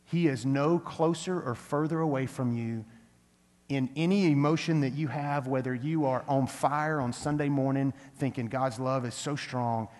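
A man's voice: medium pitch, moderate pace, a little mellow. A young adult male pastor giving a sermon, telling a personal story in an earnest, conversational way that builds into emphatic preaching. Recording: long reverb of a large hall.

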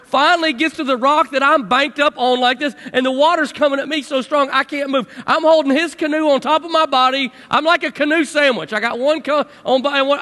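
A middle-aged man telling a personal story to an audience in a lively way, acting out shouts and sound effects. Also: very high-pitched, brisk, few pauses, long reverb tail.

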